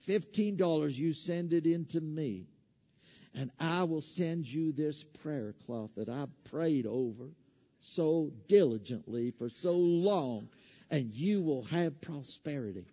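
A pastor sends up a smooth male TV evangelist with a Southern drawl, pleading low and unhurried as he sells his blessed cloths. The sound is dull and lo-fi, carried through a long echoing hall. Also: mellow. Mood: wheedling. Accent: Southern US drawl, put on. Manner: slow, low, pleading sales pitch.

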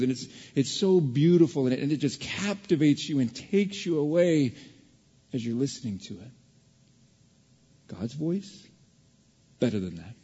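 A man preaching a sermon as a pastor, telling a childhood story in an animated way and acting out other people's voices. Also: on the high side, slightly rough. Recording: dull, reverberant hall recording.

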